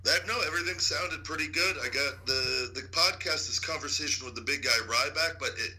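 A man answering interview questions in a relaxed, rambling way with fillers. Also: on the high side, a little fast, poor audio. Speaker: podcast guest.

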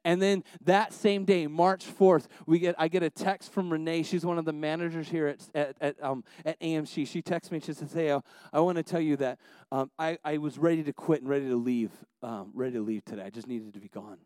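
A man's voice: on the high side, steady tone, brisk, hardly any pauses, dry recording. A man preaching a sermon as a pastor, telling family stories with many restarts and building to passionate exhortations. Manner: storytelling, many restarts, swings between soft asides and rising exhortation.

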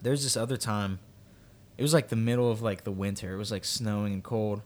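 A man's voice: on the low side, steady tone, a little fast. Rambling young man telling a story. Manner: rambling, filler-heavy storytelling with acted quotes. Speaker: podcast co-host. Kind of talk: casual storytelling chat.

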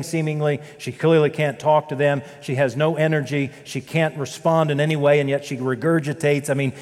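A man preaching a sermon as pastor, telling a story with dramatic loud peaks and quiet, slow prayerful passages. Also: on the high side. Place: church sanctuary. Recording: long reverb of a church sanctuary.

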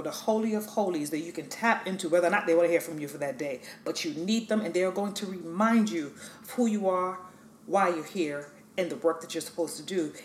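In an echoey room, a woman with a lowish voice and a slight hiss or hum in the recording hosts a podcast. She gives a motivational talk, speaking emphatically and encouragingly straight to the listener.

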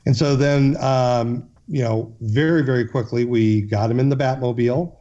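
A man's voice: mid-range voice, fairly even intonation, moderate pace, dark tone, highs cut off. A man, a guest in an interview, telling a long story earnestly, with frequent restarts and fillers.

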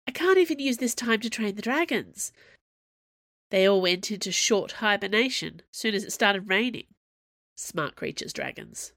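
A woman's voice: medium pitch, normal speed, creaky, a bit bright, no room sound, clean studio sound. A woman voicing a sulky teenage girl from a traveling circus, whiny and complaining.

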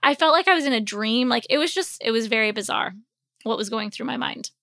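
A woman's voice: on the high side, lively intonation, a little fast, a bit bright, no room sound, clean studio sound. A woman in her forties, a podcast host, telling a personal story in a candid, rambling way, a little sleepy and yawning. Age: 40s. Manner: candid, rambling, with many fillers.

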